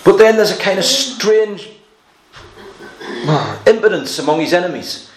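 A man with a high voice and lively intonation preaches a sermon, working through Bible passages verse by verse with a touch of humor. He speaks at a measured pace in an echoey room, with crowd noise and faint background noise.

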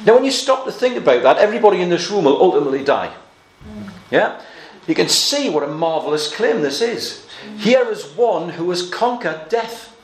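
A man preaching a sermon, earnest and emphatic, slowing down to stress quoted verses. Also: high-pitched, very animated, echoey room.

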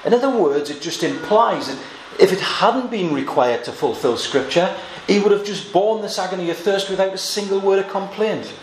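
A man preaching an expository Bible sermon, earnest, moving between quiet reading of scripture and emphatic exclamations. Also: high-pitched, normal speed, few pauses. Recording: echoey room with faint ambient noise.

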